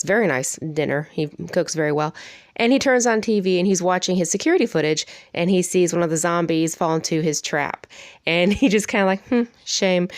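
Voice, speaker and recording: A woman's voice: on the low side, no echo, clean studio sound. A woman giving a casual spoken review of a TV show, chatty and emotional, with frequent laughs.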